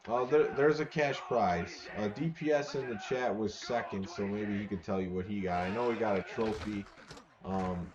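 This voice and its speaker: A man's voice: fairly low pitch, normal speed, dull audio, crowd noise. A man live-streaming a football video game, chatting casually with viewers and rambling through repeated words.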